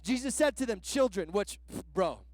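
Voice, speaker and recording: A man's voice: extremely high pitch, animated, normal speed, noisy background. A man preaching a sermon as a guest pastor, in a casual, slangy way that is full of "like" fillers.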